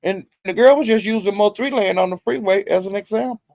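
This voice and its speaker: A woman riffing on a livestream, talking straight to her chat and laughing between lines. She curses freely, jumps from loud outbursts to low muttering, and her voice sits close and dry with no room sound. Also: a little fast, no echo. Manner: talks straight to chat viewers by name, laughs a lot, heavy cursing. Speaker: livestream host. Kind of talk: casual livestream commentary.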